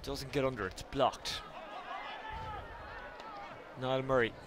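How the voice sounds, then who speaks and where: Against a background crowd, an Irish commentator with a steady, medium-pitched voice calls hurling live from an outdoor ground, a little out of breath. He keeps the play-calling brisk, adds self-deprecating asides, and the stadium feed is noisy.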